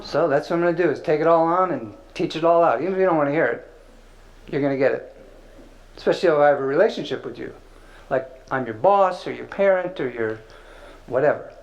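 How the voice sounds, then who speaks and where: A man with a high voice gives a relaxed spiritual teaching talk. His delivery is conversational and playful, dotted with filler words, like someone chatting with a small class. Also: fast talker, creaky, highs cut off.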